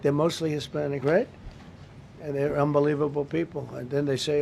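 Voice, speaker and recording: A man with a somewhat raised, gravelly voice talks off the cuff at a press briefing. He rambles, circles back and repeats points for emphasis, with a faint hiss of noise behind him. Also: a little high, steady tone, normal speed, darkish tone.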